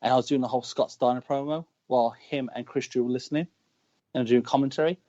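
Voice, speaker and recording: British male wrestler, rapid animated storyteller, dull low-fi recording. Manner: animated, shouts quoted lines mid-story. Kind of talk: casual storytelling chat. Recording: dull lo-fi call audio.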